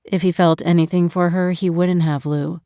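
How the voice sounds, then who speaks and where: Soft reassuring man voiced by a female narrator, a bit lower, mellow tone, audiobook. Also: fairly even intonation, moderate pace, smooth, dry recording, studio quality, close to an everyday voice. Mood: gentle, concerned. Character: gentle, caring grown man, a devoted partner.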